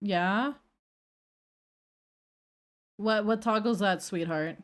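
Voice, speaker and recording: A woman streaming casually, reacting to her old clips in an animated, self-mocking way. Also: mid-range voice, drawn-out words. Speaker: VTuber streamer.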